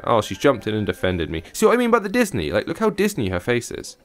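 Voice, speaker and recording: A man's voice: medium pitch, wildly swooping pitch, fast, few pauses, soft background music. A man reviewing a mobile game, giving casual commentary with chatty, wry asides while he plays. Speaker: games reviewer.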